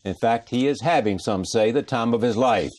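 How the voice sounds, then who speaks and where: A man's voice: medium pitch, moderate pace, a little mellow. A man hosting a television interview, introducing his guest and teasing him along.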